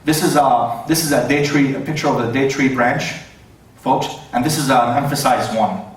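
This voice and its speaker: A man's voice: medium pitch, fairly even intonation, normal speed, distant mic. A man giving a debate presentation, hesitant, with many fillers and self-corrections. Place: debate hall. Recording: very echoey hall, voice away from the mic.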